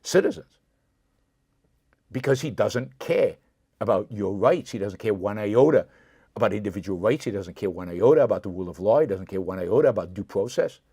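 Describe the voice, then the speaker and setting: A man hosts his own commentary show with a lowish voice and a fiery, indignant delivery. He hammers points home by repeating them and talks straight back to viewers' comments. The sound is dry and close, with no room echo. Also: lively intonation, a little fast, dark tone, slightly rough. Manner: impassioned, indignant, repeats himself for emphasis; answers viewer comments directly. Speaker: show host. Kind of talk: solo political commentary.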